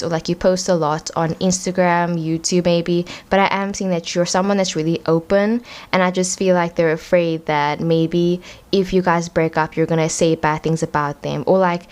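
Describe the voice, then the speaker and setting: A young woman giving a casual tarot reading at home, rambling and chatty with lots of filler words. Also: on the low side. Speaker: tarot reader. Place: home room.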